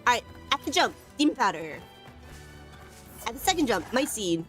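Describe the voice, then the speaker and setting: A woman's voice: on the high side, big pitch swings, moderate pace, fairly bright tone, faint music behind. A young woman giving bubbly, self-teasing live gameplay commentary from home as a streamer. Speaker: gaming streamer.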